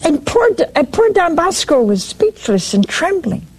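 A woman's voice: very high-pitched, big pitch swings, moderate pace. A woman giving a sermon, retelling a story and quoting its speakers, with frequent restarts.

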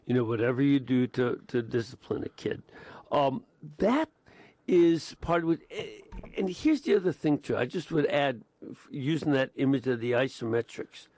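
A man explaining something in a radio segment, reflective and pausing as he talks. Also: medium pitch, animated, a little mellow, dry recording. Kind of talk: recorded radio talk segment.

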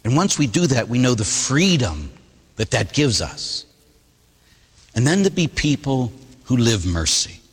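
A man, a priest, giving a sermon and telling stories in an animated way, acting out the people he quotes. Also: mid-range voice, unhurried, pauses often, slightly rough, in a large hall. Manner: animated storytelling, voicing others in quotes.

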